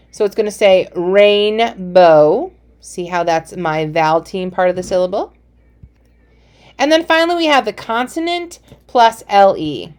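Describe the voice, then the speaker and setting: Encouraging woman teacher talking to kids. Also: medium pitch. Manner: encouraging, chatty, speaks directly to children as "friends". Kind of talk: recorded phonics lesson for young students.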